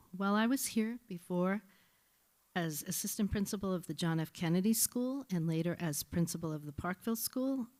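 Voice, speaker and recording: A woman's voice: fairly low pitch, darkish tone. A middle-aged woman reading a formal, slightly nervous speech at a school board meeting. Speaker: incoming acting assistant principal.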